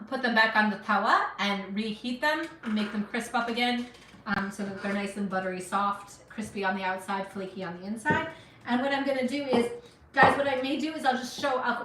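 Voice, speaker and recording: A woman's voice: mid-range voice, a bit bright, roomy sound, recorded from a distance, a little hiss or hum. A middle-aged woman from Afghanistan with no accent, chatting to livestream viewers while she cooks. She sniffles a little from allergies. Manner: chatty, encouraging, talks to viewers while cooking. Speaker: cooking livestreamer. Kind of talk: casual live cooking stream chat. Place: home kitchen.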